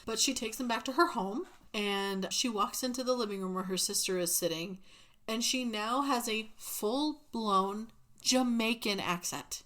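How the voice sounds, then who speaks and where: A woman's voice: on the high side, a little slow, fairly bright tone. Chatty woman recapping a bad movie. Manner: chatty, sarcastic, laughs while retelling. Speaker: podcast co-host. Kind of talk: casual chat recapping a movie.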